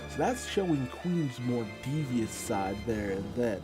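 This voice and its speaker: A man's voice: medium pitch, lively intonation, unhurried, music in the background. A man casually recapping and reviewing a manga chapter in a loose, rambling storytelling manner.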